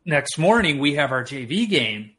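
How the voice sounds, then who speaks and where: A man hosting a casual chat, telling animated, laughing anecdotes. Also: a little high, moderate pace.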